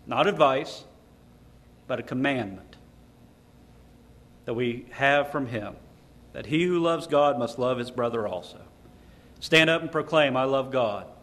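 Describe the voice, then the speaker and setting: A man's voice: mid-range voice, animated, unhurried, pauses often, a bit bright. A man preaching a sermon at a lecture series, emphatic, asking the audience rhetorical questions and quoting scripture. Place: lecture hall.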